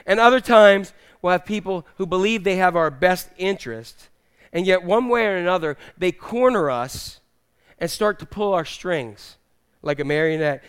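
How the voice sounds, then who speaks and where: A man's voice: a little high, smooth. A man preaching a sermon in a humorous, conversational way, teasing the congregation. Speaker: pastor.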